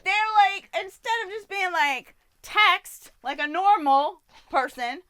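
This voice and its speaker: High, lively, giggly woman. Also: slow, no room sound. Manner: giggly, self-deprecating. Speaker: guest. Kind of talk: casual chat.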